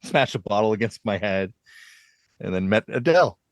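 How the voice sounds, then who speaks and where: A man with a fairly low voice hosts a podcast in loose, casual conversation. He tells long, rambling anecdotes and breaks into laughter easily. The sound is dry and close, with little room in it. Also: lively intonation, moderate pace, no echo. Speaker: podcast host.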